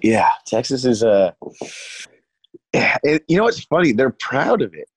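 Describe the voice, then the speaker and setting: A man hosting a podcast in casual chat, telling animated stories and acting out voices, with some swearing. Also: mid-range voice, a little slow, slightly rough, no room sound. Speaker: podcast host, touring comedian.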